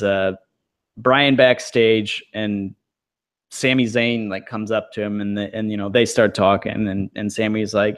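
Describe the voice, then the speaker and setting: A man co-hosting a podcast in a casual, rambling chat, full of fillers and swearing. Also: fairly low pitch. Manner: rambling, filler-heavy, profane. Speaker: podcast co-host.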